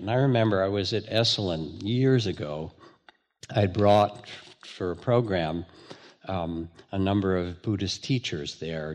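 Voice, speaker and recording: Older male meditation teacher, low voice, gentle storytelling talk. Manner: storytelling, gentle, with filler words and self-corrections. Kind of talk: dharma talk. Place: meditation hall with a live audience.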